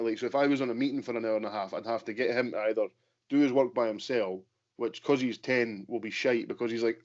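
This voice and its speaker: A man's voice: mid-range voice, highs cut off. A man in his thirties co-hosting a casual podcast chat, rambling and hesitant, with plenty of swearing. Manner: rambling, hesitant, with many restarts and fillers, sweary. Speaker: podcast co-host, parent.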